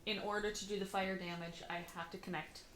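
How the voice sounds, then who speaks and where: A woman's voice: medium pitch, flat delivery, fairly quick, fairly bright tone. Woman gamer calling her sword swings, playful, echoey, hissy. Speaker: player. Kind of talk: tabletop game play.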